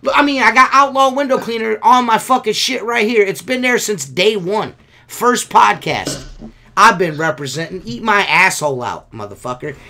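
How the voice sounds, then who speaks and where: A man's voice: high voice, lively intonation, normal speed, creaky, bright, forceful tone. A man hosting a podcast, ranting in a profane, exasperated way. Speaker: podcast host. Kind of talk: casual podcast rant.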